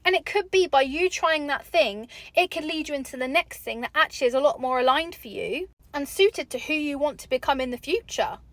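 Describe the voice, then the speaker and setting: A woman's voice: high-pitched, animated, fairly quick, hardly any pauses, fairly bright tone, dry recording. A young woman giving candid, chatty motivational talk to camera, swearing casually. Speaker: vlogger.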